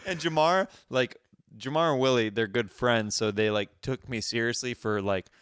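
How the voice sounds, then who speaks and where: A man's voice: medium pitch, normal speed, fairly bright tone, clean tone, dry recording, studio quality. A man hosting a comedy podcast, telling stories about himself in a rambling way with many restarts. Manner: rambling, restarts, self-deprecating. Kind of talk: casual podcast chat.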